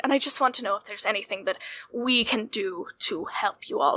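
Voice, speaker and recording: Woman playing a fawning, scheming tavern server, bright and high. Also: dry recording. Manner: fawning, over-polite.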